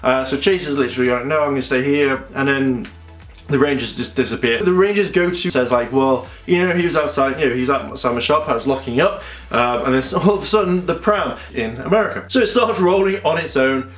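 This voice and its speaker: A young man, chatting casually as a video reviewer and acting out scenes in quick little voices. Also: medium pitch, fairly bright tone. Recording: echoey room with faint music.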